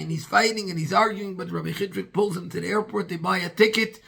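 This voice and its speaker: Husky, high-voiced man telling a story. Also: a little fast. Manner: animated storyteller acting out dialogue, with Yiddish and Hebrew terms. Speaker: rabbi. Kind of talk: storytelling sermon.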